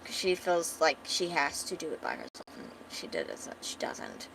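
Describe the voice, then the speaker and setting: A woman streamer casually retelling a comic story as she draws, chatty and animated. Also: low-pitched, normal speed, creaky, noisy background. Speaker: art streamer. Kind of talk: casual storytelling while drawing.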